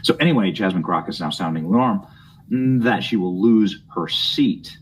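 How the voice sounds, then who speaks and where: A man's voice: deep voice, lively intonation, moderate pace, a little hiss or hum, low-quality recording. A young man hosting a political commentary show, reading news aloud with mocking, snide asides.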